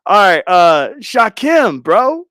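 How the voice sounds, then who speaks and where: A man's voice: high-pitched, big pitch swings, slow pace, fairly bright tone, no echo, clean studio sound. A man hosting a casual online talk show, reacting and asking his co-hosts questions. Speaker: host. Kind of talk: casual commentary chat.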